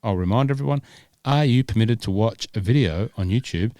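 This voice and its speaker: A man's voice: fairly low pitch, a little fast, mellow, no room sound, studio quality. A man, born in Scotland, hosting a golf podcast in rambling casual chat full of fillers and restarts. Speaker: podcast host.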